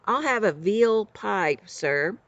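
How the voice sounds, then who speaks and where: A woman's voice: medium pitch, lively intonation, slow, dry recording, dull audio, pitched above the performer's own voice. A woman voicing a spoiled, haughty boy prince in a storybook reading, whining and giving orders. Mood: whiny. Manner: whiny and imperious.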